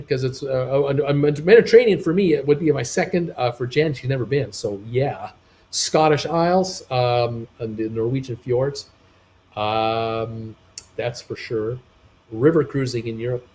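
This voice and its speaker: A man's voice: mid-range voice, a little mellow. A man hosting a live travel stream, reading viewer comments aloud in a casual, hesitant way with many fillers, upbeat when asking for thumbs ups. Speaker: live show host reading chat.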